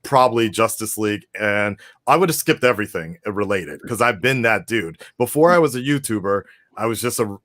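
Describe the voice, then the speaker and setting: A man's voice: on the low side, expressive, brisk, hardly any pauses, a bit bright. A man hosting a call-in discussion, talking casually, rambling and swearing with laughing asides. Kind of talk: casual chat.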